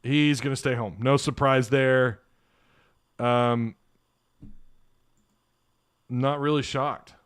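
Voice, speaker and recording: A man hosts a relaxed live stream, answering chat with jokes and frequent chuckles. His voice is smooth and clear, and the sound is close and dry with no room echo. He speaks at an average pitch. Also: takes it slowly, pauses often. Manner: laughing, joking, thinking aloud. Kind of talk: casual live stream chat reading comments.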